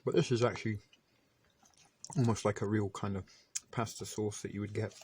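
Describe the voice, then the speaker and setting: A man's voice: fairly low pitch, level tone, moderate pace, a little mellow, a little hiss or hum. Chatty man with a mouthful, jokey review. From Canada. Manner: chatty and self-deprecating, talks with mouth full. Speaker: vlogger reviewing military rations. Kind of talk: casual eating review.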